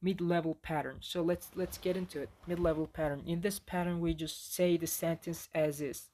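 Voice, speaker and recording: A native Turkish speaker with a Turkish accent, this male language teacher gives a casual recorded lecture on pronunciation. His voice is a little high and mellow, with fairly even intonation at a moderate pace, and he uses frequent fillers and restarts.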